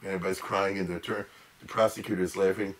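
Animated man giving a chatty lecture. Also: low voice, racing. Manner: animated and emphatic, with chatty asides to the audience. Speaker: lecturer on history. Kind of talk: informal storytelling lecture.

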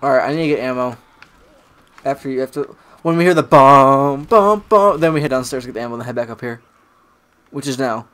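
A man with a sore throat, playing a video game with a friend and joking, yelling when startled. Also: medium pitch, a little fast, pauses often. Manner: joking, shouts in panic. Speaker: gamer. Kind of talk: casual gameplay chat.

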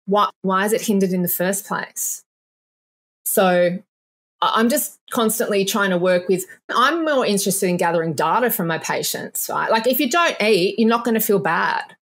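A woman naturopath in a casual podcast interview, chatty and animated, laughing often and acting out quoted voices. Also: mid-range voice. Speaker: naturopath guest.

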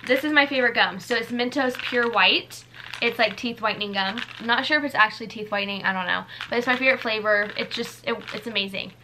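A woman's voice: fairly high pitch, quick pace, pushed and bright, slight background noise. A woman in her twenties from the United States, chatting casually through a haul of gifts, gushing and rambling with fillers. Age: 20s. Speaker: vlogger.

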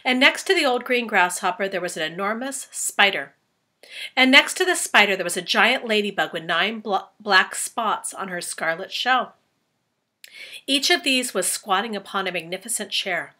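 A woman teacher reading a storybook aloud to children, animated and stopping to ask them questions. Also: medium pitch, normal speed.

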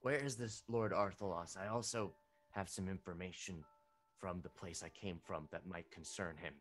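Halting low-voiced male player. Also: fairly bright tone, soft background music. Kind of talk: in-character tabletop play.

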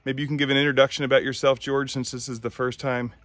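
A man's voice: mid-range voice, little pitch movement, fast, a bit bright, no echo. A man checking in on his vlog, out of breath from walking up a hill, friendly and casual. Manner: friendly, a bit winded, ends in prayer. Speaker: vlog host.

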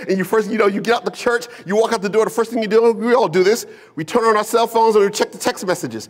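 Preaching to a live congregation in a church sanctuary, a high-voiced male pastor talks fast with hardly any pauses. His sermon storytelling blends humor, slang and rhetorical questions.

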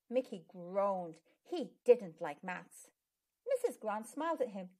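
A woman hosting a children's channel, reading a picture book aloud in an expressive, sing-song way. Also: mid-range voice, slow. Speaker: channel host and storyteller.

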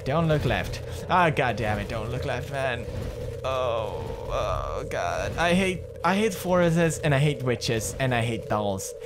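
A man in his twenties does a let's play of a horror game, joking and swearing throughout, sinking into low mutters one moment and yelping in fright the next. There's noise in the background.

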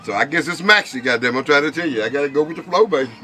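A man's voice: on the high side, lively intonation, rapid-fire, sharp tone. Boisterous, profane man on a noisy street. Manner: boisterous, profane, laughing at his own jokes. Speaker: comedy show host. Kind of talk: loose street comedy banter. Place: outdoors by a convenience store.

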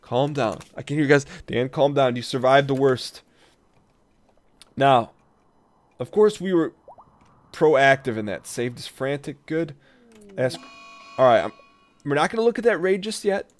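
A man doing let's play commentary on a colony game, talking to his colonists and jumping between rattled bursts and low mutters, with keyboard clicks behind. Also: lively intonation, a little slow, long pauses. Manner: jumpy, talks to his colonists, spikes loud when tense.

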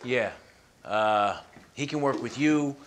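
A man playing a gruff worried father. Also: medium pitch, takes it slowly, a little hiss or hum, natural voice. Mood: stern. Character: strained middle-aged father, contractor. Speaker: father, builder. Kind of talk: film drama acting.

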